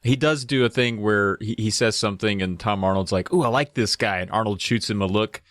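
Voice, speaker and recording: Lowish-voiced guy cracking jokes on a movie podcast, dry mic. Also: steady tone, a bit bright, no room sound. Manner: jokey asides, quick reactions. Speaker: podcast co-host. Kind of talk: casual movie podcast banter.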